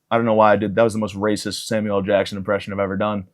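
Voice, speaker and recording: A man in his thirties hosting a comedy podcast, rambling through a profane solo monologue and jumping into loud excited bits. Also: on the low side, quick pace. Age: 30s. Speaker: podcast host.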